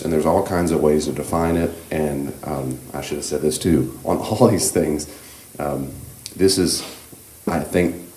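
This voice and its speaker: A man leading a church class on grief, speaking in a gentle, reassuring, conversational way with many fillers. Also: very deep voice, reverberant. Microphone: room microphone.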